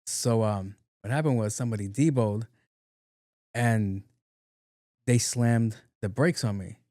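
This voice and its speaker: A young man hosting a podcast, retelling a road-rage story in a profane, animated way with acted-out quotes. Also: on the low side, unhurried, dry recording, studio quality. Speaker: podcast host. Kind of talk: casual solo storytelling.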